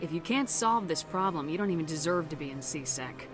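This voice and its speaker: Blunt, tough space commander. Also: female voice, deep voice, expressive, fairly quick, over music. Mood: scornful. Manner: harsh and blunt.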